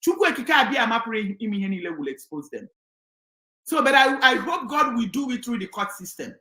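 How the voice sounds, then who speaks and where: A woman's voice: on the high side, big pitch swings, a little fast, sharp tone, echoey room, poor audio. A woman from Nigeria, giving a fiery, defiant political monologue that often turns to preaching. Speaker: political commentator. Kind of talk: impassioned monologue.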